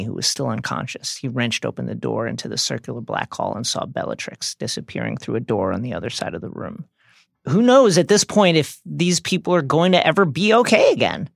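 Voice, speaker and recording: A man co-hosts a podcast and reads book passages with dramatic emphasis between his comments. His voice is gravelly and his pitch moves in lively swings. The sound is dry and close. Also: dry recording. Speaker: podcast co-host.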